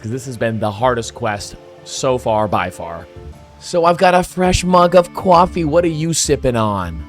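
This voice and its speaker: Laid-back young male gaming host, mid-pitched voice, soft music underneath. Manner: chatty, laid-back, talks straight to viewers. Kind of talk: casual gameplay commentary.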